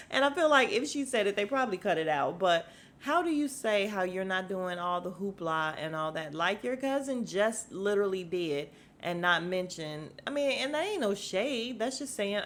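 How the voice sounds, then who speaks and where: A woman's voice: medium pitch, fairly bright tone, a little hiss or hum. A woman hosting a casual podcast, recapping a reality show in a blunt, sassy, profane way and acting out what people said. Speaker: podcast host.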